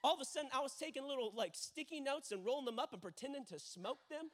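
A man's voice: extremely high pitch, quick pace, fairly bright tone. A young man preaching a sermon as pastor, telling stories and acting out quotes with emphatic repetition.

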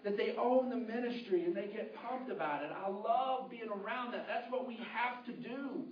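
A man preaching a sermon as pastor, telling a story with lively, shouted bursts. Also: high-pitched, moderate pace, a little hiss or hum. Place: church hall. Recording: roomy, muffled, distant hall audio.

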